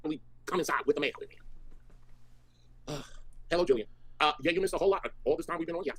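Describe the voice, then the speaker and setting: A man's voice: fairly high pitch, fast, a bit bright, husky. A man co-hosting a live stream, mocking his targets with sassy, profane commentary. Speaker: stream co-host.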